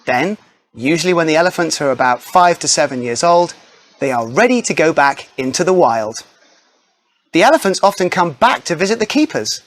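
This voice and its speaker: A man narrating a children's nonfiction storybook in a friendly, expressive way. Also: a little high, normal speed.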